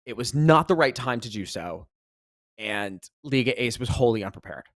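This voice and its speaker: A man co-hosting a casual podcast, telling a story with animation, rising loud when exasperated and swearing freely. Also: mid-range voice, animated, normal speed, no room sound, clean studio sound. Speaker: podcast co-host, esports commentator.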